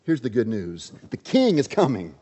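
A man preaching a sermon from the pulpit of a church, emphatic, swinging between loud stresses and quiet asides. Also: medium pitch, huge pitch swings, normal speed, husky, in a large hall. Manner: emphatic, varies loudness, drops to quiet asides.

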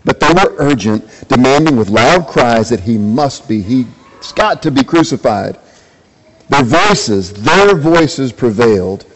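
A man's voice: lively intonation, a little slow, poor audio. A man preaching a sermon, reading scripture and asking his listeners repeated rhetorical questions. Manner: rhetorical questions, acts out quoted lines with rising pitch. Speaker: pastor.

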